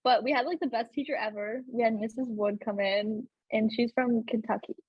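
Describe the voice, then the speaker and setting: Podcast host, young woman, breathy and slightly high, dry muffled recording. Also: steady tone, a little fast, no echo. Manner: chatty, lots of fillers and laughs. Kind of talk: casual chat.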